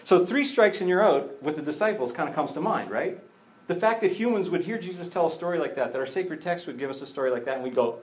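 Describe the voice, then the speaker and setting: A man preaching a conversational sermon, animated, with jokey asides and acted-out bits of dialogue. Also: fairly high pitch, fast. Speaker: pastor.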